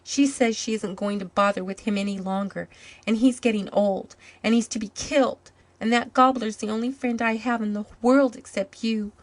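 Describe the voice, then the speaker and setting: A woman's voice: lowish voice, normal speed, few pauses. A woman doing an earnest little boy. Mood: upset. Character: small eager boy, earnest and tearful.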